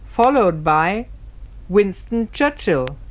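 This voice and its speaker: A woman reading scripted documentary narration in a careful, deliberate way. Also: medium pitch, big pitch swings, heavy background noise.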